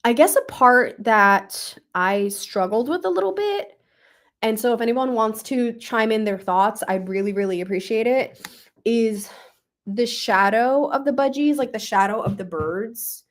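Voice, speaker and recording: A young woman hosting a book club, talking casually and emotionally about a novel, with many fillers and pauses to think. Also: mid-range voice. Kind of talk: casual book review livestream.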